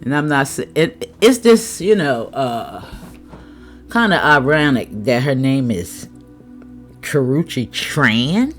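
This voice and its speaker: A woman giving a casual tarot reading, chatty, with laughing asides and drawn-out exclamations. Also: extremely low pitch, very animated, soft background music. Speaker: tarot reader.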